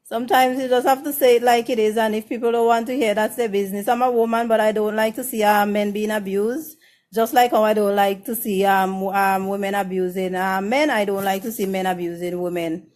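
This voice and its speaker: A woman's voice: medium pitch, steady tone, a little mellow. A woman hosting a casual advice talk, blunt and frank, stumbling over and repeating her words. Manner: greets viewers by name in a slow sing-song. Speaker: host of a relationship advice show.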